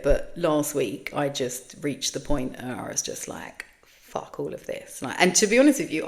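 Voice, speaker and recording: A British woman in her thirties hosting a podcast, talking candidly in a frank, sweary, rambling monologue. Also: low-pitched. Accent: British English. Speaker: podcast host.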